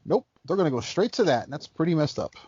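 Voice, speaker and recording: A somewhat high-voiced man chats about wrestling history on a podcast with a lively, bouncing delivery. He sounds wry and corrects himself as he goes. The sound is dry and slightly muffled. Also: quick pace, slightly rough. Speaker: podcast co-host. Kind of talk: casual wrestling chat.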